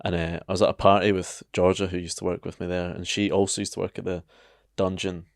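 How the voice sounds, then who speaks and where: A man's voice: low voice, little pitch movement, fast talker, gravelly, dry recording, clean studio sound. A man co-hosting a podcast, telling an anecdote in casual chat with wry, sarcastic asides. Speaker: podcast co-host.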